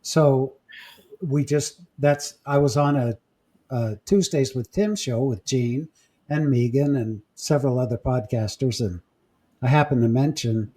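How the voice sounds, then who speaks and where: A man podcast host in casual chat, telling stories with halting restarts and fillers. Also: mid-range voice, mellow. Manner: storytelling, halting with repeats and fillers.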